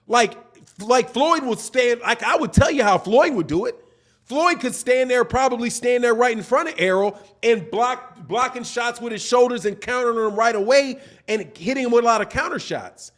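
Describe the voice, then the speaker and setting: Speaking at a moderate pace, a high-voiced boxing channel host argues during a live stream, reading chats from viewers as he comments. His delivery is animated and full of repeated rhetorical questions.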